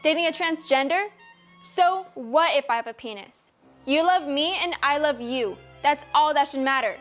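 A woman's voice: sits high, normal speed, soft background music, close to an everyday voice. A woman playing an earnest young girlfriend. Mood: pleading. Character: transgender woman girlfriend, young adult, pleading.

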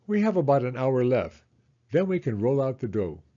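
A man's voice: mid-range voice, very animated, moderate pace, dark tone, muffled recording, close to an everyday voice. A man reading aloud, voicing an easygoing, matter-of-fact visiting uncle. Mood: calm.

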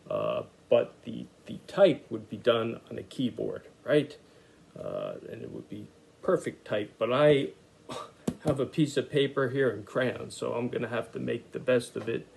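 A man's voice: mid-range voice, creaky. A man teaching an art lesson to children, talking through his lettering as he works and sounding out words for young readers in an easygoing, thinking-aloud way. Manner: relaxed, thinks aloud with frequent "uh" and "okay".

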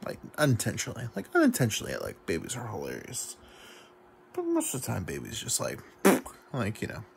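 A man's voice: lowish voice, huge pitch swings, a little fast, creaky, slight background noise. A drunk man rambling to the camera, self-deprecating and full of fillers. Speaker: YouTube comedian. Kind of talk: rambling confessional monologue to camera.

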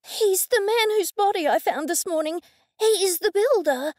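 A woman narrator voicing a frazzled, jumpy young woman witch who exclaims shrilly and excitably. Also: sits high, normal speed, dry recording, studio quality, voice pushed up. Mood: alarmed.

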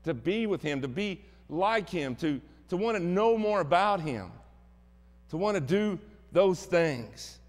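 A man's voice: high voice, lively intonation, measured pace, big-room sound. A man with a Southern American accent preaching a sermon as pastor, telling stories in a folksy, plainspoken way. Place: church sanctuary.

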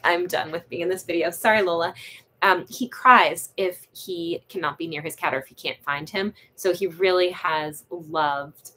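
Woman vlog host, rambling friendly live chat, voice a touch low. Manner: chatty, warm to viewers, many fillers and restarts. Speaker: vlog host grooming her dogs. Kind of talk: casual live-stream chat.

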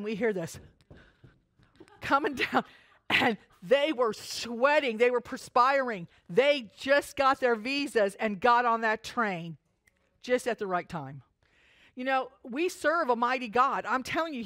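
Animated woman preaching a sermon. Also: a little high, dry recording, clean studio sound. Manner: animated, chatty storytelling with many restarts. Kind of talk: sermon storytelling. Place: church sanctuary.

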